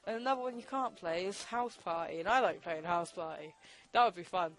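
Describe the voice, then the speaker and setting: A woman commenting casually while playing a game, chatty and quick to swear. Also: fairly low pitch, soft background music. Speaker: gaming video host. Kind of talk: casual let's-play commentary.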